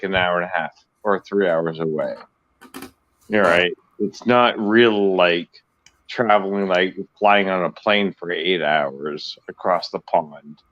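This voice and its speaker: Slow-talking man on a muffled call. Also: sits low. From US East Coast, near Boston. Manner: chatty, halting with restarts and "like". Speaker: guest. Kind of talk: casual live-stream chat.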